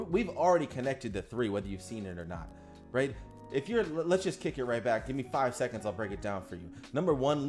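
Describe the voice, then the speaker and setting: A man, a business coach, talking energetically and directly to viewers in a live-streamed coaching session. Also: medium pitch.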